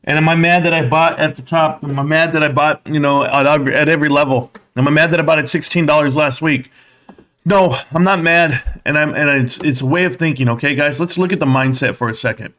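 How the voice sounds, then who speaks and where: A man's voice: a little high, steady tone, brisk, a bit bright. Rambling male livestream host. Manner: rambling, asks rhetorical questions. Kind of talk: casual livestream commentary.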